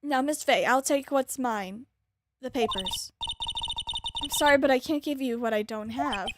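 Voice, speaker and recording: A woman voicing a suave, menacing rich villain in a flat monotone, reading game dialogue aloud. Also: high-pitched, a little slow, noisy background.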